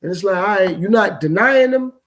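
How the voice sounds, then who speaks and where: A man's voice: high-pitched, expressive, a little fast, fairly bright tone. A man hosting his own podcast, talking through his thoughts in a loose, repetitive, reflective way. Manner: loose, repetitive, reflective street-talk delivery. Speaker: podcast host. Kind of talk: casual solo podcast monologue.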